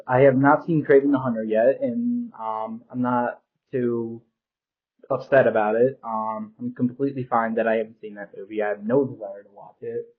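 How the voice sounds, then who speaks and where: A man ranting casually about films to his viewers, rambling with frequent ums and an exasperated edge. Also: medium pitch. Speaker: film commentary vlogger. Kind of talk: casual rant to camera. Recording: dull lo-fi home recording.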